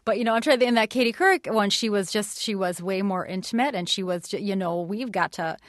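A woman's voice: medium pitch, fast, no echo, studio quality. A woman guest in a radio interview, explaining her craft thoughtfully with many hesitations and light laughs. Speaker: actress and guest.

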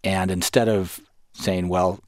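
Deep-voiced man, dry close sound. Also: fairly even intonation, fairly quick, darkish tone, no echo. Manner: explanatory, with frequent self-corrections. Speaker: newspaper reporter. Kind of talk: radio interview answers.

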